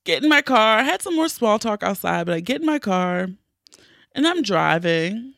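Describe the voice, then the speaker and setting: A woman's voice: mid-range voice, sing-song, moderate pace, creaky, fairly bright tone, no echo, studio quality. A woman podcast host telling a personal story in an emotional, candid way, tearful and full of fillers and restarts.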